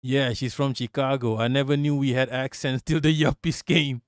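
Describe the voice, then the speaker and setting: A man's voice: mid-range voice, steady tone, moderate pace, no echo, studio quality. A man hosting a casual live reaction stream, loose and profane, laughing often.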